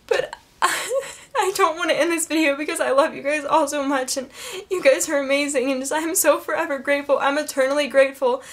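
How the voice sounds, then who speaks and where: A woman's voice: high-pitched, fairly even intonation, quick pace. A teenage girl vlogging, gushing with many fillers and close to tears. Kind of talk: emotional casual vlog.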